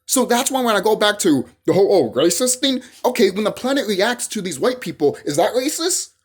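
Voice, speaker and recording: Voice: mid-range voice, very animated, brisk, slightly rough. A vlogger delivering a heated, profane monologue to camera, often repeating phrases and restarting sentences.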